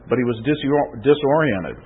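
A man's voice: mid-range voice, animated, moderate pace, breathy edge, phone-quality sound. A male pastor delivering a conversational sermon that swells into emphatic preaching, often checking in with "okay?" and "right?".

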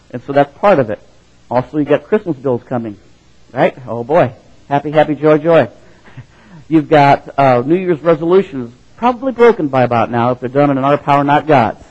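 A man preaching in a slightly high voice, relaxed and chatty with little jokes. He swells into loud, dramatic quotes of scripture now and then. The sound is dull and lo-fi. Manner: conversational, chuckling asides, rising to loud dramatic quotes. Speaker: pastor. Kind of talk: sermon.

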